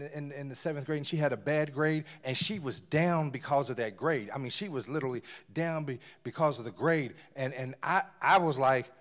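In a mid-range voice, a man delivers a sermon that drops almost to a whisper and then surges into loud, emphatic outbursts, with frequent repetition as he builds.

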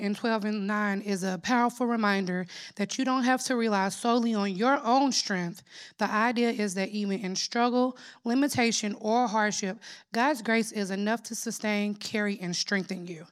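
A woman's voice: mid-range voice, steady tone, moderate pace. A woman preaching a sermon in an earnest, prayerful way, mixing scripture with personal testimony. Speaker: lay preacher.

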